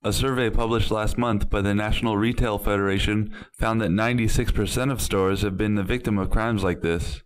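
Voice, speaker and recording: A man reporting scripted news stories with a plain, steady delivery. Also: fairly low pitch, brisk, hardly any pauses, clear, resonant tone, low-quality recording.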